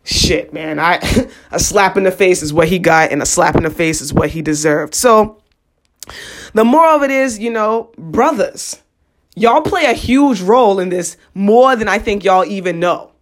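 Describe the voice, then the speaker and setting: A young woman tells a story straight to the listener in loose, slangy talk. She is animated and jumps into the voices of the people in it. Her voice sits at a middle pitch. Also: normal speed. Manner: animated, slangy, acts out quotes. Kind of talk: casual storytelling monologue.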